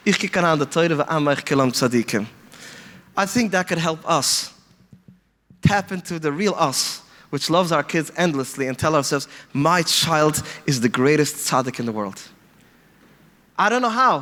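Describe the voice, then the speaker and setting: A man telling stories in an animated way, mixing in Yiddish phrases and acting out the people he quotes. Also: fairly high pitch, in a large hall. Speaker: podcast guest speaker. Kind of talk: storytelling talk.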